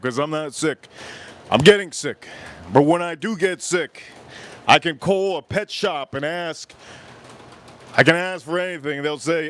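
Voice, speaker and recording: A man with a slightly high voice hosts a live stream from an outdoor grill. He rambles and jokes, now and then breaking into loud shouted asides. There is a faint hum of outdoor ambience behind him. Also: a little slow, pauses often. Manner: jokey, rambling, bursts into shouted bits. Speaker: livestream cooking host.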